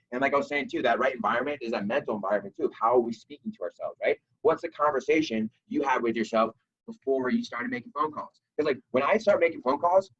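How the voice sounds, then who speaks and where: A young man giving an energetic motivational talk to a group of sales reps, telling stories and acting out dialogue. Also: medium pitch, breathy edge, lo-fi sound. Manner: energetic storytelling with reenacted dialogue.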